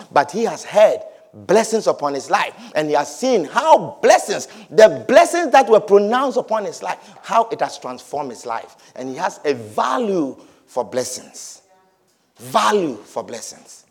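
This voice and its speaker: A man preaching a sermon, repeating his points emphatically and swinging between loud declarations and hushed low lines. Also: slightly rough. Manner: repetitive, emphatic, swings from shouts to low murmurs.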